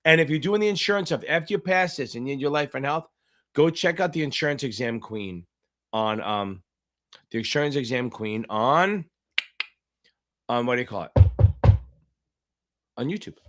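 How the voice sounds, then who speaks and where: A man tutoring for a finance exam, hosting a livestream Q&A, loud and profane, hyping viewers up and answering chat questions. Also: medium pitch, expressive, moderate pace, pauses often. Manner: loud, profane, hyped-up coaching.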